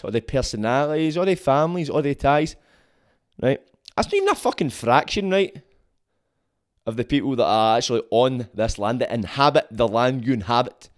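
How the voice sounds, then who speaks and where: A man with a Glaswegian Scottish accent, hosting a podcast as a casual solo monologue, blunt, sweary and rambling. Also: mid-range voice. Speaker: podcast host.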